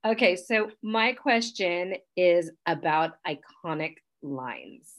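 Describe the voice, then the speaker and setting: A woman's voice: lowish voice, expressive, takes it slowly, fairly bright tone. A woman co-hosting a casual movie podcast, chatty and easygoing, often laughing. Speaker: podcast co-host.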